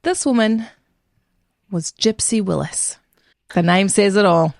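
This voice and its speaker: A woman's voice: medium pitch, measured pace, gravelly, darkish tone, no room sound, studio quality. A woman co-hosting a podcast, telling a story in a gossipy, casual way and swearing freely. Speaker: podcast co-host.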